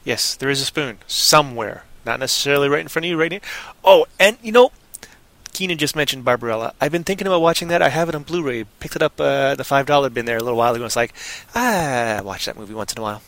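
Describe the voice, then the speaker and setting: A tired man rambling on a casual podcast, goofy, with sudden loud silly outbursts. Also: mid-range voice, fast talker, no room sound. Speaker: podcast co-host.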